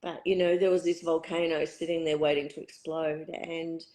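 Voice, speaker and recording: Husky, croaky middle-aged woman storyteller. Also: low-pitched, flat delivery, normal speed, a little mellow, rough recording. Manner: candid, reflective, uses fillers. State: hoarse, croaky throat. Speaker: spiritual retreat facilitator. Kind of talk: personal storytelling in an interview.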